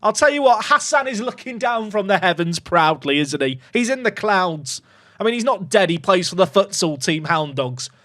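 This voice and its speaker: A gaming YouTuber narrates his football game in excited commentary, his high, lively voice swinging from low mutters up to loud cheers. He's excitable and jokey, reacting loudly to goals. The sound is close and dry, with no room or echo around it.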